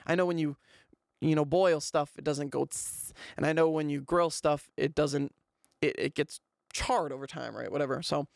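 A young man hosting a podcast, telling a rambling, animated story in a casual way. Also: a little high, normal speed, creaky, dry recording, studio quality. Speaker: podcast host.

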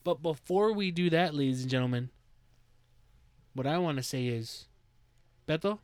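A man's voice: fairly high pitch, lively intonation, normal speed, darkish tone, clear, resonant tone, no room sound, clean studio sound. A man hosting a casual podcast, hyped and teasing in tone. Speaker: podcast host.

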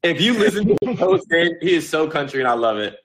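A man's voice: on the high side, very animated, fast talker, fairly bright tone, slightly rough. A man co-hosting a podcast who chats easily about basketball and often answers with short, agreeable replies. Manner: easygoing, agreeable, with short affirmations. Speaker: podcast co-host. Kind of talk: casual sports chat.

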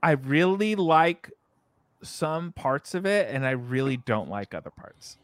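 A man's voice: on the high side, animated, measured pace, no room sound, clean studio sound. A man co-hosting a podcast, chatting casually about video games, rambling with many fillers and self-corrections. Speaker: podcast co-host. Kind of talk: casual video game discussion.

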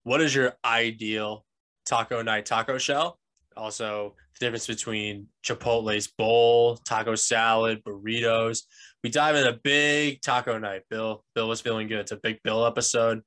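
Man, podcast co-host, casual chat, joking, laid-back, trailing off softly. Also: on the low side, fairly even intonation, moderate pace.

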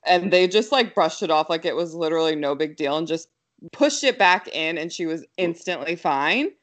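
Young woman, slightly low voice, brisk animated storyteller, filler-heavy casual chat. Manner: quick, animated, lots of fillers.

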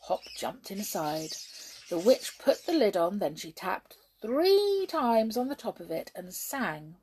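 A woman reading a children's story aloud, expressive with hushed asides. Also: mid-range voice, slow, slight background noise, poor audio.

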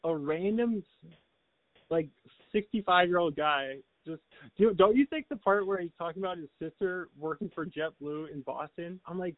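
A man's voice: high voice, normal speed, phone-quality sound. A man on a podcast telling a long rambling story in casual chat, full of restarts and little laughs. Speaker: podcast co-host.

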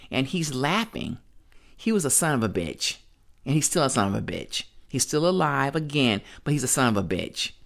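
An older woman, a grandmother, speaking as a podcast guest and giving a blunt, plain-spoken personal testimony. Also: very deep voice.

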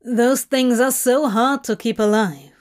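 A woman's voice: fairly high pitch, a little slow, a little mellow, close to an everyday voice. A woman voicing Crowley, a guarded young man who gives short, cautious replies, in a fanfic reading.

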